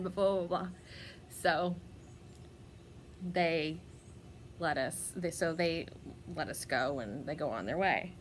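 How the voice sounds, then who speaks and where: A woman with a lowish voice tells a personal story in an unhurried, drawn-out way. She is chatty and laughs often, trailing through fillers and restarts. A faint hum of room noise sits behind her. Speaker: podcast host.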